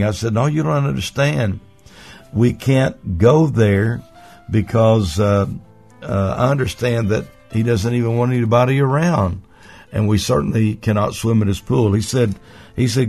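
A man's voice: medium pitch, moderate pace, creaky, darkish tone, faint music behind. A man preaching, telling a childhood story in a folksy way, piling up long strings of synonyms. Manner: folksy, piles up synonyms, chuckles while telling. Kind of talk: storytelling sermon.

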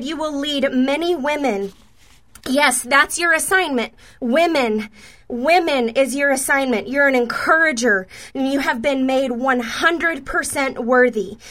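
A woman's voice: high-pitched, a bit bright. A woman minister giving spontaneous prophetic words and prayer to named viewers, fervent and repetitive with many stammered restarts.

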